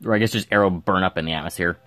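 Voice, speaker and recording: A man's voice: deep voice, very fast, bright, forceful tone, no echo, faint music behind. A man giving casual gameplay commentary, thinking aloud and mumbling with fillers as he plays at home. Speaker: gameplay streamer.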